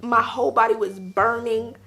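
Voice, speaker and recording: A woman telling a personal story in a casual, animated way, repeating lines for emphasis. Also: a little high, moderate pace, faint music behind. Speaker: vlogger.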